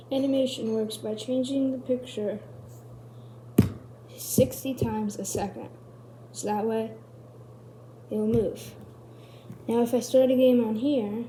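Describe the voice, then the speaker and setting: Woman, casual gadget explainer, slow and mellow, rambling. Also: fairly high pitch, a little hiss or hum. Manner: rambling, self-correcting, chatty. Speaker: video host.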